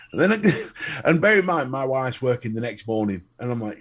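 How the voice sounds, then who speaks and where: A man's voice: mid-range voice, moderate pace, slightly rough. A man with a Northern English accent, co-hosting a casual podcast chat, swearing and acting out quotes as he tells a story. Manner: animated, swears, acts out quotes. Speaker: podcast co-host.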